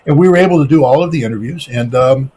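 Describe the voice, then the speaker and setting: A man's voice: mid-range voice, fast, darkish tone, breathy edge. A man from the United States answering interview questions, speaking emphatically with repeated words and frequent restarts. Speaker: guest.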